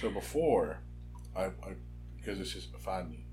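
A man co-hosting a casual podcast, summarizing a chapter in a relaxed way. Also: low voice, measured pace, soft background music. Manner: relaxed summarizing, some fillers. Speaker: podcast co-host.

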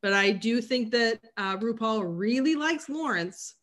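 A bright, crisp-sounding voice talks in a loose, casual chat. The speech is full of fillers and offhand swearing, in the tone of an easygoing co-host. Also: medium pitch, lively intonation, unhurried. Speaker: podcast co-host.

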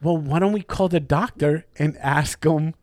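The recording is dry and studio quality, carrying a man's fairly high voice at a moderate pace. He hosts a podcast, telling a laid-back, expletive-heavy story and animatedly voicing the people in it.

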